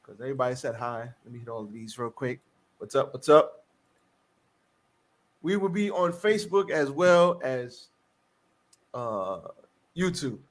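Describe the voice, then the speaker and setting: A man hosting a casual live-streamed podcast, bantering loudly, joking and calling out to the chat. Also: medium pitch. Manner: loud joking banter, quick asides to chat. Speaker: podcast host.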